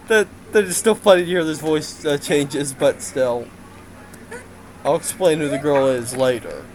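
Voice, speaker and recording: A man's voice: fairly high pitch, a little slow, a little hiss or hum, low-quality recording. A man giving a casual game development update, rambling with lots of fillers and frequent laughs.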